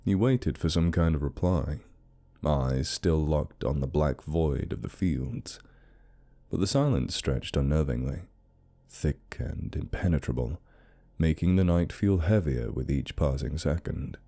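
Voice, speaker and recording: A man with an extremely deep voice narrates a horror story in a slow, brooding, measured way. His tone is dark and mellow, and the delivery is steady, scripted storytelling.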